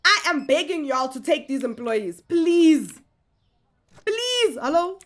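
A young woman giving casual, animated commentary as she plays a game, exclaiming and chatting to her viewers. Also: sits high, slow. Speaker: gaming streamer.

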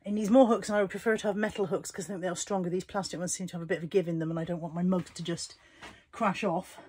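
A woman's voice: fairly low pitch, steady tone, very fast, darkish tone, slightly rough. A middle-aged woman, chatting casually and mocking herself as she talks to the camera in a vlog. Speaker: vlogger.

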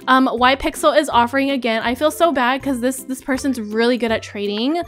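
Excitable high-voiced woman gaming YouTuber. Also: a little fast, faint music behind. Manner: excitable, gushing, apologetic. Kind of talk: gameplay commentary.

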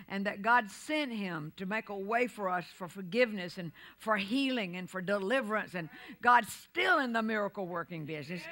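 Middle-aged woman pastor, bright and forceful, sermon with shouted peaks and call-and-response. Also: mid-range voice. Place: church sanctuary.

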